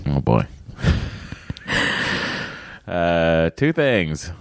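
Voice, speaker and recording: A man's voice: low-pitched, sing-song, moderate pace, creaky, dry recording, clean studio sound. A man co-hosting a casual podcast, joking around and reading listener emails aloud. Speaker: podcast co-host.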